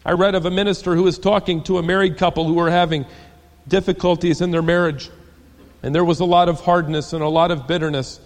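A man's voice: steady tone, fast, in a large hall. Man preaching with sweeping dynamics. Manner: dramatic preaching, swinging from soft low storytelling to loud emphatic peaks. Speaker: pastor. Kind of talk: sermon.

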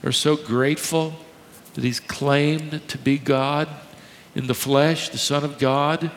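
A man preaching a sermon, dramatic, swinging between quiet and loud delivery. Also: a little high, steady tone, takes it slowly, a little hiss or hum. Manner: dramatic preaching with sharp swings in volume and pace. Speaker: pastor. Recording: echoey hall with long reverb.

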